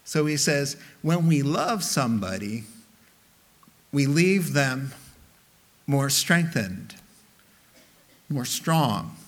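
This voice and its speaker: Animated, slow-preaching male pastor. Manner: animated, acts out quoted voices with big pitch swings. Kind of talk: sermon.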